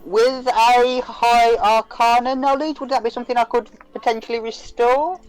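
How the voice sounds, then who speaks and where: A man's voice: very high-pitched, fairly even intonation, moderate pace, clean tone, rough recording. A man taking part as a player in an online tabletop game, asking polite questions.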